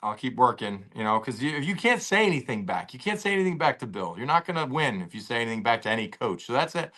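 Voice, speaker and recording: A man, a former pro football player, telling stories in a casual podcast interview, animated and loose with slangy talk, at home. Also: mid-range voice, quick pace. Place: at home with a dog nearby.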